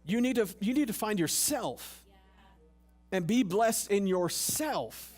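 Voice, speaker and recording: Man, pastor, church sermon, slightly high voice, chatty, joking, rhetorical questions. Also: expressive, slow, a little mellow, soft background music. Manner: conversational, humorous preaching with rhetorical questions. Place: church service.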